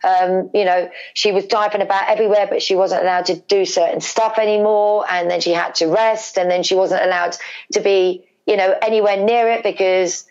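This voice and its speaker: Animated woman telling a family story. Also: mid-range voice, moderate pace, highs cut off. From England. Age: middle-aged. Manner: animated, repeats words, acts out family dialogue. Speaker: interview guest. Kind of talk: emotional storytelling.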